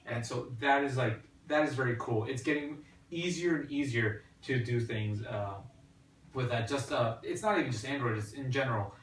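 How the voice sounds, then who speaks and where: A man's voice: mid-range voice, moderate pace. A man hosting a podcast, chatting casually about tech and hesitating often with fillers and restarts. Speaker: podcast host. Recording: echoey room, distant mic, faint hiss.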